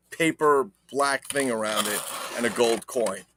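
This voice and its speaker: Forceful, jokey man unboxing toys. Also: medium pitch, moderate pace. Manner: jokey, talks to viewers while handling items; mock-dramatic asides. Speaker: toy collector host. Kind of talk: casual unboxing vlog.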